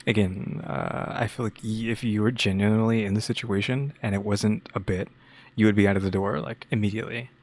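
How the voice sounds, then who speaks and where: A man co-hosting a casual chat, adding relaxed, wry commentary. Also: lowish voice, brisk.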